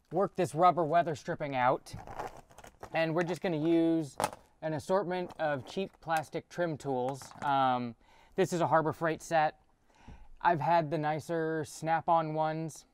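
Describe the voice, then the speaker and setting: A man's voice: a little high, slight background noise. A man hosting his channel, casually explaining a repair step by step while he works in a workshop. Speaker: channel host. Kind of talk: casual how-to demonstration.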